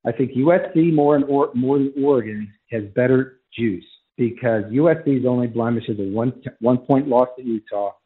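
A man's voice: medium pitch, breathy edge. Man on a tinny phone line. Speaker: college football reporter calling in as guest. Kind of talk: radio call-in analysis. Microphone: telephone.

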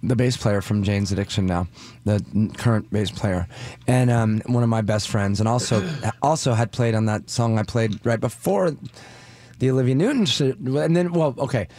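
Guest-hosting a radio show, a man banters casually into a studio microphone, rambling and joking at his own expense. His medium-pitched voice is a little mellow, moves at a normal speed, and has no echo.

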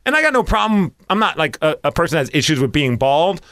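A middle-aged man co-hosting a radio show, telling stories in casual banter with quick, jokey asides. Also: fairly high pitch, very animated, sharp tone, dry recording.

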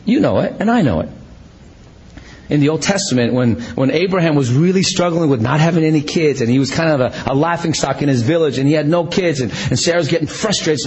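Middle-aged male pastor, husky voice, chatty and lively, loose sermon style with self-mocking asides. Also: on the high side, brisk, poor audio. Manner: conversational, animated, self-deprecating humor, frequent restarts.

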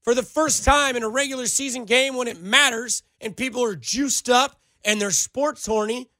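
A man's voice: extremely high pitch, normal speed, pushed and bright, no room sound. A man hosting sports talk radio, sarcastic and ranting as he answers listener texts. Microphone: studio microphone.

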